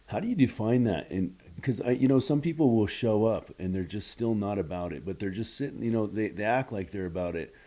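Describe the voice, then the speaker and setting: Low-voiced, rambling podcast host man. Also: animated, warm tone. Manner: rambling, halting questions with many restarts. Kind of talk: casual interview chat.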